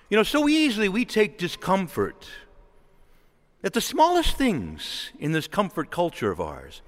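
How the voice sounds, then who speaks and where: A man preaches a homily in a lively, sing-song voice that swoops high and low. He is a priest acting out little scenes and chuckling between points. The sound carries a long reverb from the church around him. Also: normal speed. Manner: animated, acts out quoted voices, chuckles often.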